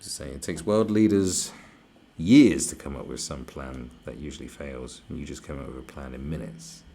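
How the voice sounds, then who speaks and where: A man's voice: very deep voice, moderate pace, vocal fry, dark tone. A young man hosting a livestream, ranting in a rambling, crude, mock-outraged way and slipping into mocking voices. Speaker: livestream host. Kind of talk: profane comedic rant on a livestream.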